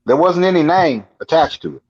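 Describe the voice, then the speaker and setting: A man's voice: a little high, very animated, fairly quick, darkish tone, breathy edge, dull audio. A man, a guest on the show, telling his own encounter in a rambling, colloquial way with frequent restarts. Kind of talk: casual storytelling.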